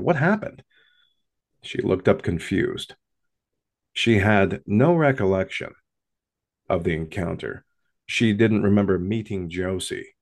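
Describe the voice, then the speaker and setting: A man recounts his own paranormal experience at a slow, hushed pace that builds drama. His voice sits very low. It carries a gravelly rasp all the way through. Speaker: storyteller. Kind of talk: first-person paranormal story.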